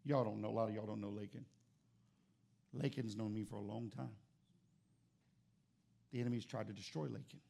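A man preaching a sermon as pastor, fervent, moving between quiet and loud. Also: lowish voice, steady tone, moderate pace, gravelly, long pauses. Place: church.

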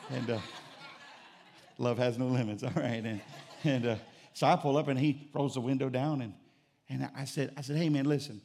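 A man's voice: medium pitch, steady tone, moderate pace, gravelly, pauses often, darkish tone, a little hiss or hum. A middle-aged man preaching a sermon as pastor, telling stories and calling on the church for an amen. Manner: storytelling with call-and-response.

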